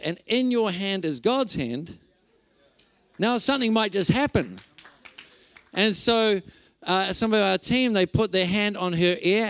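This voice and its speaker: Excitable pastor. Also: male voice, sits high, no room sound. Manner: animated, excited storyteller, laughs and fillers. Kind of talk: conference sermon storytelling. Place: conference hall stage.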